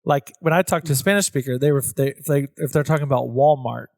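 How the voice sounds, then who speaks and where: An easygoing priest chats on a podcast, often stopping and restarting his sentences. His voice sits at a middle pitch for a man. The sound is close and dry. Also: a little fast, darkish tone, no echo. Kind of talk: casual podcast chat.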